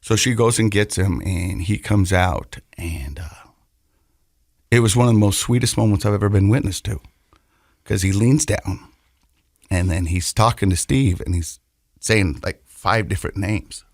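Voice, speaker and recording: A middle-aged man co-hosting a podcast, telling a personal story in an earnest, halting way and often repeating his words. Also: lowish voice, vocal fry, no room sound, clean studio sound. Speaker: podcast co-host.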